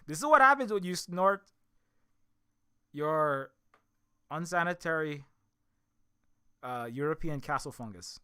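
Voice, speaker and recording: A man rants through an opinion commentary in a bright, fairly high voice. He speaks in animated bursts, stumbles over repeated words and restarts, and his tone is scornful and mocking. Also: measured pace, pauses often, clean tone. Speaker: commentary video host.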